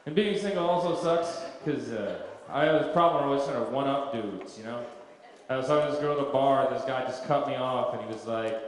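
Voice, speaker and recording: A man performing a stand-up comedy set on a club stage, telling stories in a deadpan way with absurd punchlines. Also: medium pitch, fast. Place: comedy club stage before a live audience. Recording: echoey club with crowd laughter. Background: audience laughter.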